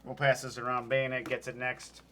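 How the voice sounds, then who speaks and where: Bright-voiced joking man. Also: medium pitch, completely flat delivery, normal speed, slight background noise. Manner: joking, laughs often. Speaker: scorekeeper of a party game show. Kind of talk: casual chat.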